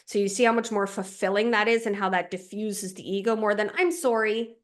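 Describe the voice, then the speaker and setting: A woman's voice: medium pitch, little pitch movement, fairly quick. A woman who works as a relationship coach, speaking in a conversational podcast style and explaining ideas reflectively through everyday examples and checklists.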